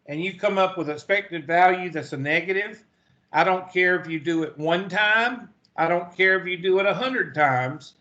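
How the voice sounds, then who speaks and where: A man with a high, fairly bright voice teaches a math class, captured in a dull lo-fi classroom recording. His lecture is folksy and slow, delivered deliberately with joking asides.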